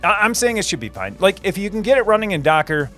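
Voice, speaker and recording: A man's voice: high voice, very animated, fast talker, a bit bright, soft background music. A man hosting a casual livestream, chatting with viewers and rambling through answers with many fillers and repeated phrases. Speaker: livestream host.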